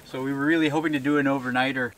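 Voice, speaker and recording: A man's voice: mid-range voice, flat delivery, very fast, a bit bright, a little hiss or hum. A man from rural New Brunswick, chatting casually to camera in the woods, rambling with fillers and chuckles. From rural New Brunswick, Canada. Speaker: bushcraft channel host. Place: outdoors in the woods. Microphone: camera-mounted shotgun mic.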